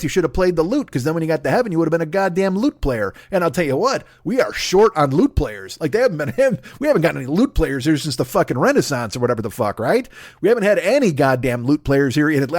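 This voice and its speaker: A middle-aged man riffs alone into a close, dry microphone, rambling and swearing as he spins out a comic bit. His pitch leaps around animatedly as he slips into quick put-on voices, and his voice sits a bit higher than most men's. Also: dry recording. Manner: rambling, profane, acts out characters in put-on voices. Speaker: comedy podcast host. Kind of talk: solo comedic monologue.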